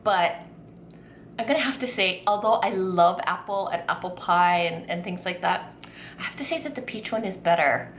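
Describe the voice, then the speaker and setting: A woman food vlogger chatting excitedly while tasting desserts, gushing with lots of fillers. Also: on the low side, normal speed, roomy sound, a little hiss or hum. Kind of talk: casual food tasting vlog.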